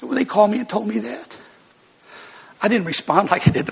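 An older man preaching a sermon, telling folksy stories with sudden loud outbursts. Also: sits high, lively intonation, quick pace, vocal fry, pauses often, breathy edge. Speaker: pastor. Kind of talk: sermon storytelling. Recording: long hall reverb.

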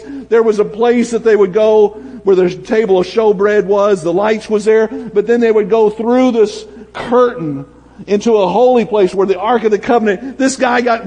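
Husky high-voiced preacher in a reverberant hall. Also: male voice. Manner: animated preaching, swinging from shouts to hushed storytelling. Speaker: pastor. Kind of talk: sermon. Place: church sanctuary.

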